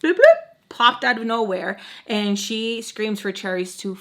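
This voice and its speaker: A young woman telling a storytime in a casual, slangy, animated way, acting out the quotes. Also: a little high, measured pace. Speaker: storytime vlogger.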